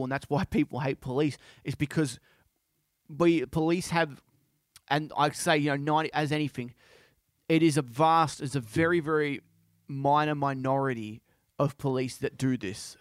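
Impassioned man talking in halting bursts. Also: on the high side, no room sound, clean studio sound. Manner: impassioned, halting, many restarts. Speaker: podcast host. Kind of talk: casual monologue.

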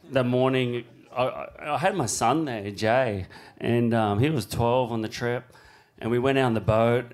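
Middle-aged male surfer guest, casual, swears freely, acts out quotes. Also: medium pitch. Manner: swears constantly, acts out quotes with rising animated voice. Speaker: guest big-wave surfer. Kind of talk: casual storytelling in a podcast chat.

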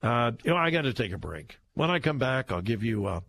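A man's voice: medium pitch, sing-song, gravelly, fairly bright tone. A male radio talk show host giving political commentary, mocking and laughing as he talks, stretching his words for emphasis. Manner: mocking, laughs while talking, drawn-out emphatic delivery. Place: radio studio. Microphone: studio microphone.

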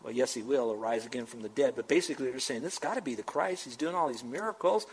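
A man preaching a sermon as pastor, animated, acting out the voices of Bible figures as he teaches. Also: medium pitch, fast, husky, low-quality recording.

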